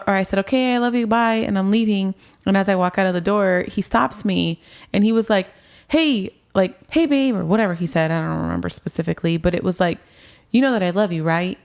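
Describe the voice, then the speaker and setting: A woman's voice: medium pitch, creaky, smooth. A woman in her twenties telling her personal story to an interviewer in a casual way, with lots of "like" and "um", acting out what people said. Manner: casual, frequent "like" and "um", acts out past dialogue.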